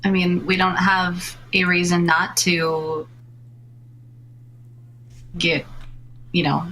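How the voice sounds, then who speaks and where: A woman's voice: fairly low pitch, little pitch movement, takes it slowly, a bit bright, slight background noise, low-quality recording. A woman playing a villain's side in a tabletop game, speaking in a hesitant, dry way. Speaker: player.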